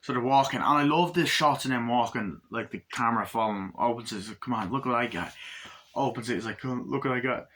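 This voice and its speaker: Bright-voiced young man rambling about a movie. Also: mid-range voice, fast. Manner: retells scenes by acting out lines in raised, shouty voices, heavy swearing; rambling, loose, filler-heavy retelling. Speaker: movie reviewer. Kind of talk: casual spoken movie review.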